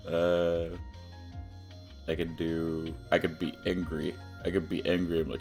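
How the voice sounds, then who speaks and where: A young man chatting casually while streaming a game, rambling and often breaking into high-pitched laughter. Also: sing-song, slow pace, long pauses, a little mellow, soft background music. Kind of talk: casual livestream gaming chat.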